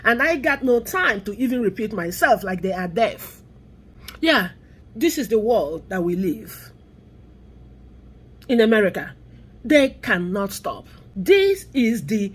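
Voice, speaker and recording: A Nigerian woman in middle age delivers fervent social commentary straight to camera. Her voice is a little husky and her pitch moves in wide swings. She drags out the words she wants to land, pressing each point home. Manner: emphatic, drawn-out stresses on key words. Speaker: vlogger.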